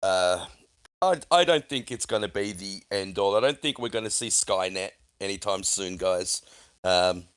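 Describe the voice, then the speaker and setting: A man co-hosting a gaming podcast, talking in a calm, measured way. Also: deep voice, smooth. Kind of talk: casual podcast chat.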